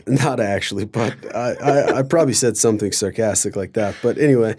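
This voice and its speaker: A man's voice: on the low side, fairly quick, darkish tone. A young man from Colorado telling a story on a podcast, loose and sarcastic, filling his talk with "like". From Colorado, USA. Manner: loose, sarcastic, heavy use of "like". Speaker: podcast guest. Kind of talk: casual storytelling.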